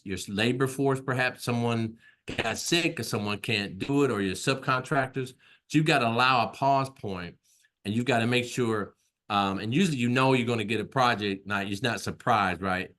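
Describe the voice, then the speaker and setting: A man's voice: medium pitch, normal speed, fairly bright tone. A man teaching an online class in a conversational way, repeating himself and often checking in with "right?". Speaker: instructor.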